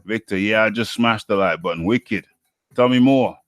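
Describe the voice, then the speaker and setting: A man's voice: on the low side, normal speed, a bit bright, no echo. Chatty man hosting a live stream. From United Kingdom. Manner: repeats his phrases, chatty and upbeat. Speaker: host of a live boxing talk show. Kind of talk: live-stream chat, reading viewer comments aloud.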